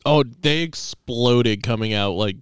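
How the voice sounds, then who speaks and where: A man's voice: mid-range voice, measured pace, smooth, dry recording, clean studio sound. A man, a shop mechanic, talking plainly and bluntly on a casual podcast.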